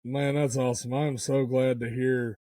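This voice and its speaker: A man's voice: mid-range voice, level tone, moderate pace, mellow, no room sound. A man co-hosting a podcast, chatting casually and encouraging his co-host in an easygoing way. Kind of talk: casual chat.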